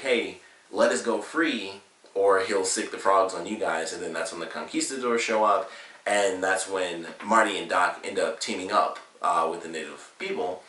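A man's voice: sits low, pushed and bright. A man casually retelling a cartoon episode as a reviewer, rambling and filling his sentences with "like" and "you know.". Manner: rambling, filler-heavy retelling with lots of "like". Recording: roomy, slightly distant mic.

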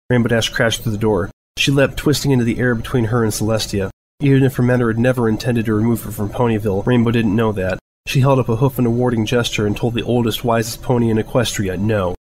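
A man reads a story aloud in a measured, steady narration. His voice sits at an ordinary middle pitch, with faint noise underneath. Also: low-quality recording. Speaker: fanfiction reader.

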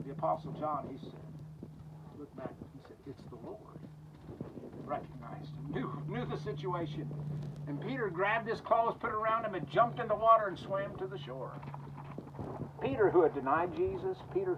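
A man with a fairly high voice delivers a folksy graveside sermon, retelling a scripture story and acting out the lines of its characters. He is recorded outdoors from a distance, and a clear layer of outdoor noise runs behind him. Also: lo-fi sound. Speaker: pastor at a graveside service.

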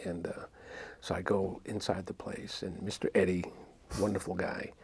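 A man's voice: low voice, little pitch movement, normal speed, gravelly, darkish tone, slightly rough. A man, a talk-show guest animatedly telling a childhood story and acting out the voices. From New York City. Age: 60s.

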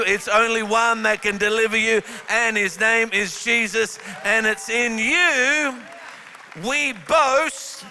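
A man preaches from the front of a church, his high, piercing voice cutting through a long, ringing hall reverb. He jokes with people he calls up, then leans into scripture with forceful, emphatic punches on key words. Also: a little hiss or hum. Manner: calls the congregation up and has them repeat words. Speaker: guest pastor. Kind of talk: energetic sermon. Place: church auditorium.

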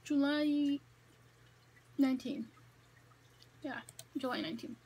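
A woman's voice: high-pitched, fairly even intonation, slow, dark tone, low-quality recording. Chatty young woman vlogging from home. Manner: chatty, rambling, with many fillers and self-corrections. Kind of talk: casual eat-with-me vlog. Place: home, indoors.

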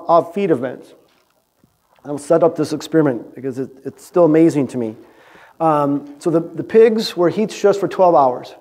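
A man gives a conference talk to a live audience. His voice sits a bit high for a man yet sounds mellow and relaxed. He keeps it conversational, often tossing "right?" to the room. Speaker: animal science researcher presenting. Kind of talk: conference lecture.

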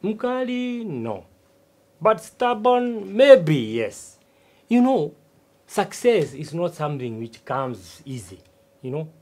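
A boastful stubborn old farmer. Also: male voice, fairly high pitch, full character voice. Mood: self-important. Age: older. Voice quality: animated, drawn-out rhetorical asides. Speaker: substitute teacher. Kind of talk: TV sitcom acting.

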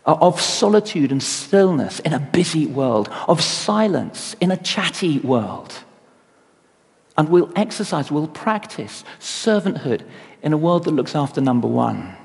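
Gravelly-voiced man preaching in a church. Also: a little high. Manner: animated storytelling, acts out voices. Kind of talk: sermon. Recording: long church reverb.

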